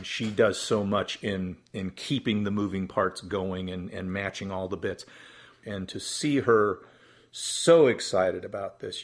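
A man's voice: low-pitched, breathy edge. A man, a former cast member, talking earnestly in an interview with a few small restarts. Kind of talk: casual interview.

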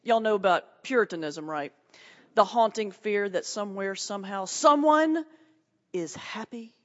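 A woman's voice: medium pitch, expressive, moderate pace. A woman, a pastor performing a stand-up comedy set with punchy, folksy delivery and her own laughter. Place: large hall before a live audience. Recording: distant echoey hall, muffled.

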